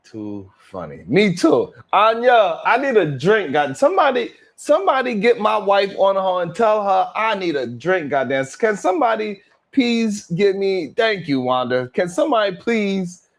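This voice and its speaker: A man's voice: high-pitched, very animated, a little slow. A man hosting a casual livestream, chatting and reacting to viewers with laughs, sighs and slang. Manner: laid-back, laughing, sighing, drawling slang. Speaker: livestream host. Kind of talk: casual livestream chat reading super chats.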